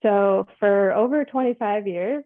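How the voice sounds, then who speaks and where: A woman's voice: mid-range voice, unhurried. A woman environmental program specialist giving a presentation on a video call, friendly with frequent fillers. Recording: tinny phone-like call audio.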